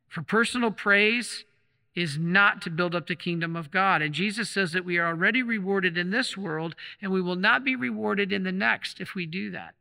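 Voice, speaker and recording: A man's voice: sits high, creaky, sharp tone. A man preaching as a Catholic priest, telling a story in a conversational way with restarts and repeated phrases, recorded in a church. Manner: conversational, retells stories with restarts and repetition. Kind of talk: sermon with storytelling. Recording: long reverb of a large hall.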